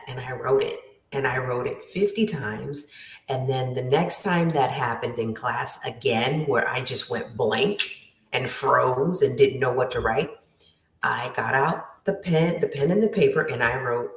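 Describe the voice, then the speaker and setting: A woman's voice: a bass voice, unhurried. Lady writing coach pumping people up, keeps repeating herself, roomy echoey sound. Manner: emphatic, repeats key phrases. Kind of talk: motivational teaching talk. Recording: roomy, distant from the mic.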